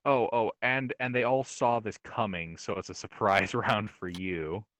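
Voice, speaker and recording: A man with a low-pitched voice running an online tabletop game as dungeon master. He talks casually and laughs easily. His voice sounds close and dry. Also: fairly even intonation, measured pace, fairly bright tone, no room sound.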